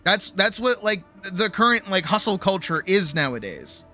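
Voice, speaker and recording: A woman's voice: medium pitch, very animated, normal speed, bright, forceful tone, faint music behind. A woman streamer giving a rambling, profane pep talk in casual livestream chat. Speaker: streamer and artist.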